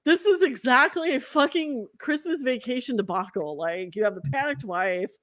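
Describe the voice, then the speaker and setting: A woman in her forties hosting a casual chat, telling a story in an animated, profane way. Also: high voice, normal speed, dry recording, studio quality. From Southern California. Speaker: podcast host.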